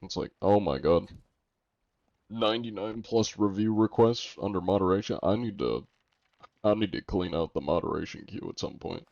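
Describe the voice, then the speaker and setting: Young American streamer, wry and joking, mellow dark tone. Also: male voice, low voice, normal speed, vocal fry, dry recording. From United States. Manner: joking, reads chat aloud and answers it. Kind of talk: casual livestream chat. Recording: dull lo-fi stream audio.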